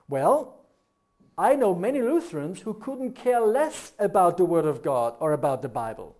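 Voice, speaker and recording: A middle-aged man with a German accent, whose first language is German, preaching a sermon. He talks earnestly and builds to animated rhetorical questions. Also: high voice, normal speed.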